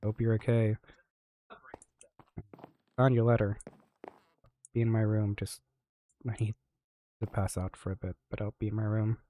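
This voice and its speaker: A man with a lowish, mellow voice talks in character during a role-play game stream. He speaks haltingly and apologetically, often stopping and restarting his sentences. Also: flat delivery, slight background noise.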